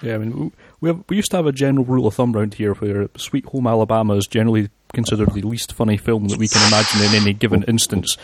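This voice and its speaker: A man's voice: on the low side, fast, hardly any pauses, a little hiss or hum. Scathing male film critic. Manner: scathing, dry sarcasm. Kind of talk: film review chat.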